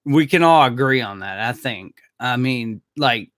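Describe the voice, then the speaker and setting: A man's voice: mid-range voice, lively intonation, a little slow, a bit bright, dry recording, clean studio sound. A man chatting casually on a live stream with viewers, laid-back and rambling, chuckling often and swearing now and then. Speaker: maintenance worker streaming live. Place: Jacksonville.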